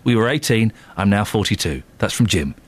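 Animated jokey male radio host. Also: lowish voice, a little fast, slight background noise. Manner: animated, jokey, reads listener emails aloud. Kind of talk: casual radio chat.

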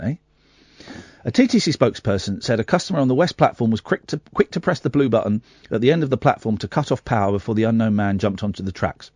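A radio host on a late-night show chats and reads out a news story, adding asides and correcting himself along the way. His mid-range voice is a little mellow, recorded on a studio microphone with no room sound.

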